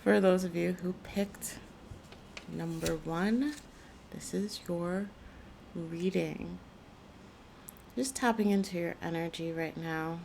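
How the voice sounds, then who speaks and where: A woman giving a soft, soothing channeled spiritual reading, with a gravelly morning voice. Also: on the low side, fairly even intonation, a little hiss or hum. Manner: slow, soft and soothing, gentle guidance. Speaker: intuitive reader. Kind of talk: channeled tarot-style reading.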